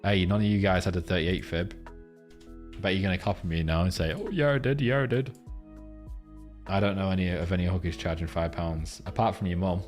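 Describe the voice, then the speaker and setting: A man's voice: sits low, little pitch movement, fast talker, darkish tone, soft background music. A man live-streaming, chatting crudely with his viewers and rambling between jokes and a chart lesson. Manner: crude, joking, rambling banter with chat.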